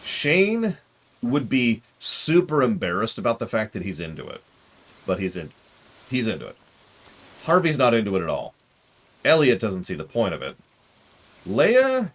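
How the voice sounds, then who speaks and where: A man's voice: lowish voice, normal speed, pauses often. A man streaming a game, chatting casually and joking with his viewers. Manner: chatty, jokey, animated.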